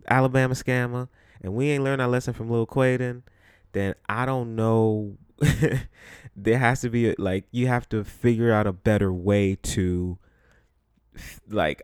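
A man's voice: on the low side, a little mellow, no room sound, studio quality. A young man from the Bronx, hosting a solo podcast in a blunt, profane, joking manner. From the Bronx, New York. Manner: blunt, profane, laughing storyteller. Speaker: podcast host. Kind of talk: casual solo podcast monologue.

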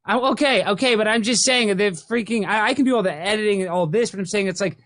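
A man's voice: high voice, quick pace, a bit bright, no echo, clean studio sound. A man hosting a podcast in casual chat, rambling with many restarts and fillers over a video call. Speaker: podcast host.

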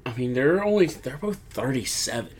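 A man's voice: mid-range voice, brisk, breathy edge. Man animatedly recapping wrestling. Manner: animated storyteller, acting out wrestlers' lines. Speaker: podcast co-host. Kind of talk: casual wrestling recap chat.

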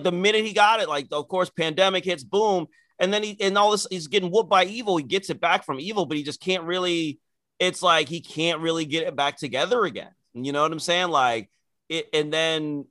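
A man co-hosting a casual talk show, chatting loosely and working himself up into loud, excited rants. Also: on the high side, dry recording. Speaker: podcast co-host. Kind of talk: casual chat.

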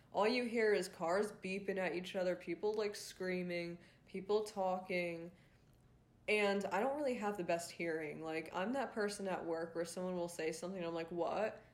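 A woman's voice: on the low side, moderate pace. A young woman telling a rambling story to her viewers, chatty and loose, full of likes, ums and swearing. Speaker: vlogger. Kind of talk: casual storytime vlog.

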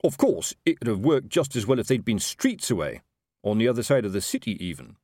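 A man's voice: lowish voice, sing-song, a little fast, a little mellow, no room sound, studio quality, voice pushed up. A man voicing a blustering, self-important middle-aged sergeant in an audiobook, with a raised, wheedling voice. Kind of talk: audiobook character voice.

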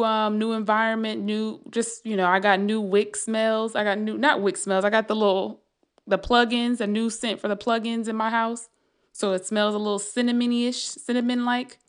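A woman's voice: mid-range voice, clean tone. A woman writer rambling through a casual late-night monologue, thinking aloud with many restarts and trailing thoughts.

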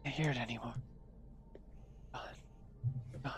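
A man voicing an emaciated, half-mad male dwarf who mutters quietly and repeats himself. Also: mid-range voice, steady tone, measured pace, highs cut off, over music, lightly acted. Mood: dazed muttering. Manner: muttering, hushed and repetitive.

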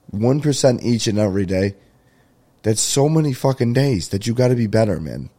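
A man's voice: on the low side, expressive, normal speed, warm tone. A man hosting a comedy podcast, with a stuffy, congested nasal voice, rambling jokily and swearing a lot. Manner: rambling, profane, jokey. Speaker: podcast host. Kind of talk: casual comedy podcast monologue.

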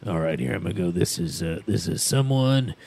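A man's voice: low-pitched, lively intonation, a little fast, vocal fry, a little mellow. A man co-hosting a comedy podcast, with a mock-formal, casual manner. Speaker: podcast co-host.

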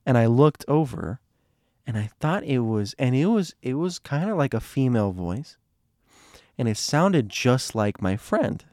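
A man's voice: mid-range voice, very animated, measured pace, darkish tone, no room sound, clean studio sound. A young man talking casually to his viewers in a rambling, digressive way, restarting his sentences often.

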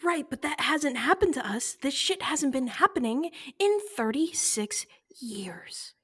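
A woman's voice: high voice, animated, a little slow, fairly bright tone. A woman playing a tabletop role-playing game, talking bluntly and sardonically. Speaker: player. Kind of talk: tabletop role-play chat.

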